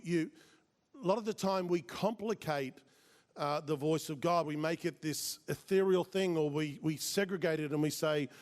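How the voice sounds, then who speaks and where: Animated man telling a story. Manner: animated, acts out quoted voices with big pitch jumps. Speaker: speaker at a business mastermind. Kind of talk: storytelling talk to a group.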